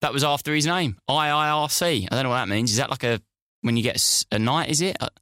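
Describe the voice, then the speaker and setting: A man's voice: medium pitch, quick pace, sharp tone, dry recording, clean studio sound. A young British man co-hosting a podcast, rambling and self-mocking in banter. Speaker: podcast co-host. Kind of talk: casual chat.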